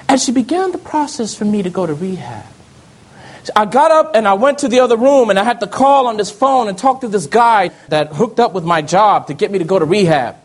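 A man telling a personal testimony in an earnest storytelling way, often dropping to soft low tones. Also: fairly quick. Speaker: speaker giving testimony.

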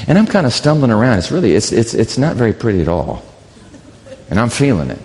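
A man's voice: mid-range voice, big pitch swings, fast talker, darkish tone. A man preaching, telling a story in a candid, rambling way that restarts often. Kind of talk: sermon storytelling. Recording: long reverb in a large hall.

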